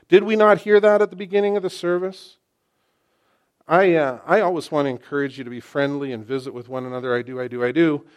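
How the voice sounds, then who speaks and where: Man, 60s, pastor mid-sermon; dynamic delivery, repeats lines for emphasis, loud-to-soft swings. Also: medium pitch. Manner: emphatic, swings from loud exclamations to hushed asides.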